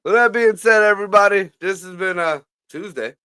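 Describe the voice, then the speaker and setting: A man's voice: high-pitched, brisk, bright, forceful tone, clear, resonant tone, dry recording. A man hosting a live stream, chatting loosely and profanely and running through the weekly schedule. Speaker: host. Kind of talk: casual live-stream chat.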